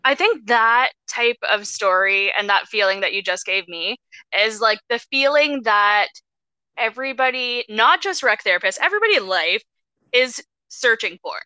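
A woman's voice: fairly high pitch, expressive, moderate pace, pushed and bright, smooth, dry recording, low-quality recording. A woman hosting an interview, supportive and reflective as she responds to her guest. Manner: supportive, reacting with short interjections. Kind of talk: conversational interview.

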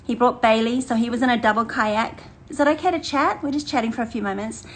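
An older woman, chatting warmly and energetically to a women's church group, laughing often and repeating phrases. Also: fairly high pitch, fast talker, rough recording. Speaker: women's ministry leader. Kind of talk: casual livestream chat to a women's group.

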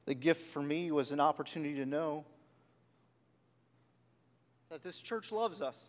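A man's voice: a little high, unhurried. Man preaching in a reverberant hall. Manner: personal, emotional storytelling with rising emphasis. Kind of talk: sermon. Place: church sanctuary.

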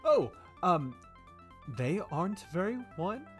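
A man voicing a protective male half-elf who speaks gently behind a fake smile. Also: high voice, very animated, slow pace, soft background music, voice pushed up, exaggerated voice. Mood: awkward. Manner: soft, gentle, falsely reassuring.

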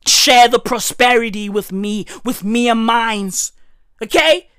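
A young adult woman from South Africa with a South African accent, delivering a loud, profane comedic rant, often shouting. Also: fairly high pitch, slow, clean tone, dry recording.

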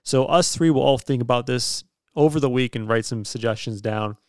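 A young man hosting a podcast, his voice smooth and resonant, close to a dry mic with no room sound. He chats casually, rambling through stories and laughing often as he jokes with his co-hosts. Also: mid-range voice, normal speed, darkish tone, dry recording. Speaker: podcast host. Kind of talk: casual chat.

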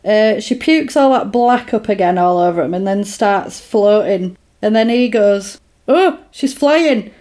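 A woman's voice: mid-range voice, unhurried, few pauses. Woman animatedly retelling a film. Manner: animated retelling with quoted voices and laughs. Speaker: podcast co-host recapping a film. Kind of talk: casual chat.

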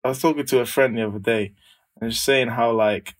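A young man talks in relaxed podcast chat, loose and slang-heavy, often breaking into laughter. His voice sits at an ordinary middle pitch. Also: fairly quick. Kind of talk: casual chat.

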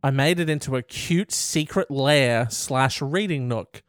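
A man's voice: mid-range voice, a little slow, clear, resonant tone, no room sound, studio quality. A young man co-hosting a casual podcast, joking sarcastically and reading a listener's letter aloud. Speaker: podcast co-host.

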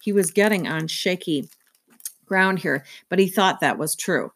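A woman narrating a children's novel aloud in a steady, clear storytelling manner. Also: on the low side, measured pace. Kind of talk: children's book read-aloud.

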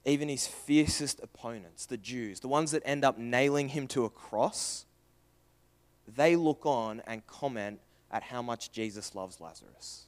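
A young male preacher gives an unhurried, earnest sermon in a searching tone, firing off question after question and swinging from loud to hushed, dropping low and soft for the tender parts. His pitch is plainly mid-range for a man.

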